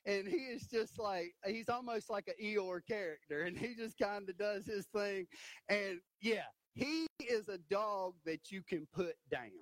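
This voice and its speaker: A man preaching a sermon from a church stage, animated and emphatic, punctuating points with "right?". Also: sits high, unhurried, dry recording, rough recording. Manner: animated, rising to emphatic peaks with repeated "right?".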